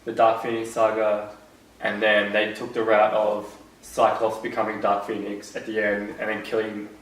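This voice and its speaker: Low-voiced Australian man, roomy and distant. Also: monotone, normal speed, fairly bright tone. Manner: rambling, many likes and restarts. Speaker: podcast co-host. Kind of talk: casual chat. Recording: roomy echo, distant mic.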